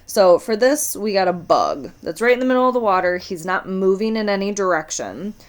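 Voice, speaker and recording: A woman's voice: medium pitch, expressive, a little fast. A woman teaching a science lesson, talking casually and putting questions straight to her students. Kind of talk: recorded classroom lesson.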